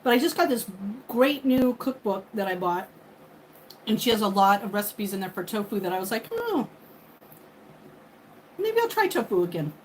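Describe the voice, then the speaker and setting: A woman's voice: mid-range voice, a little fast, slight background noise, rough recording. A woman in her forties chatting casually with her live viewers, rambling and openly emotional. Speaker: livestream host.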